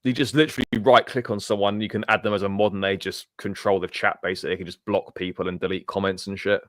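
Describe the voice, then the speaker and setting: A man's voice: deep voice, flat delivery, fast talker, dry recording, clean studio sound. A man, co-hosting a casual fan livestream, matter-of-fact and explaining things. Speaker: fan channel co-host.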